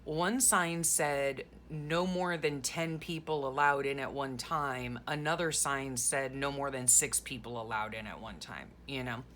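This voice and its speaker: Chatty low-voiced woman crafting. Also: a little slow, hardly any pauses, a bit bright, a little hiss or hum. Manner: chatty, rambling, sarcastic asides. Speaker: journaling vlogger. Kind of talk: casual chat while crafting.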